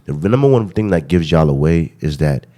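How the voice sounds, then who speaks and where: A man's voice: rumbling low, expressive, brisk, dark tone. A young adult man hosting a podcast, talking in a slangy, rambling way and tagging lines with "you know what I mean". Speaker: podcast host. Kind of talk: casual podcast chat.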